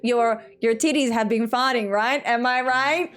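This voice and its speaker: A woman's voice: fairly high pitch, unhurried, heavy background noise. A woman streamer chatting casually with her viewers, playful and jokey, giggling at her own jokes. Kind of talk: casual live-stream chat.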